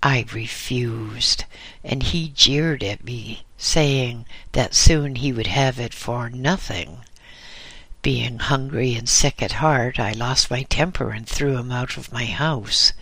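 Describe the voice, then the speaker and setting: A man's voice: mid-range voice, pushed and bright, dry recording, heavily acted. A man doing a weak, dying silversmith. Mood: bitter. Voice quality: weak, faint voice. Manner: bitter, halting. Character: dying male convict silversmith, bitter and weak.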